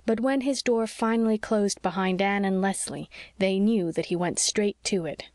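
Woman narrating an audiobook, even and calm, dry close mic. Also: mid-range voice, moderate pace, no room sound. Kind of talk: scripted narration.

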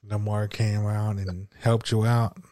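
A man's voice: fairly low pitch, little pitch movement, measured pace, warm tone, dry recording, clean studio sound. A man hosting a casual podcast chat, giving short prompts and backchannels. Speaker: podcast host.

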